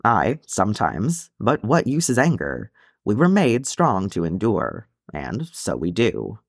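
A man reading the part of a proud, weary male dwarf in a solemn, measured way. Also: on the low side, wildly swooping pitch, husky, dry recording, clean studio sound, full character voice.

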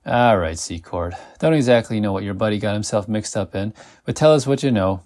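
A man's voice: lowish voice, fairly quick, a little mellow, close to an everyday voice. A man voicing a blunt, weary middle-aged FBI agent who talks in a matter-of-fact way. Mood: gruff.

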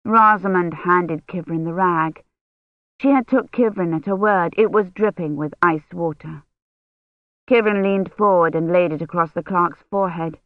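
An audiobook narrator reading a novel in an even, measured way. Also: mid-range voice, no echo. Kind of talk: scripted narration. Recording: dull dry lo-fi audio.

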